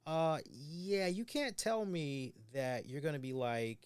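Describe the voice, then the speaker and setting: A man's voice: fairly high pitch, expressive, unhurried, few pauses, darkish tone, smooth. A man co-hosting a casual podcast chat, rambling and swearing as he acts out the voices of people he quotes. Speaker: co-host.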